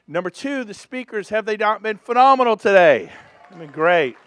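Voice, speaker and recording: A man in his fifties from California, giving a lively, joking motivational talk on stage to a seminar audience. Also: sits high, normal speed, smooth. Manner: energetic, joking, revs up the crowd. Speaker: real estate speaker at a business seminar.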